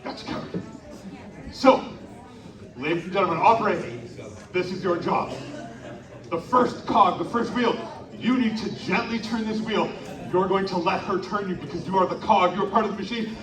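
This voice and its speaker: On an outdoor winter carnival stage, a high-voiced children's storyteller fires up the crowd, speaking at normal speed with frequent pauses. The echoey, distant live recording catches audience noise as he animatedly coaxes listeners into shouting during his interactive show.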